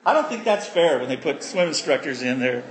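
Lively high-voiced preacher telling a story. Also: male voice, a little fast, slight background noise. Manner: animated storytelling with acted-out voices and sound effects. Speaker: pastor. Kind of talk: sermon.

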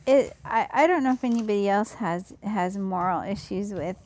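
A middle-aged woman chatting casually, hesitant and halting, often restarting her sentences. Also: medium pitch, darkish tone. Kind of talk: casual chat.

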